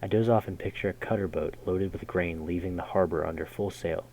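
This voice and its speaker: A man reading a game's story text aloud in a measured way, breaking in with casual, slangy jokes as a gaming host. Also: sits low, steady tone, mellow, a little hiss or hum, poor audio. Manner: measured narration broken by casual slangy comments. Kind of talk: reading game text aloud with jokey asides.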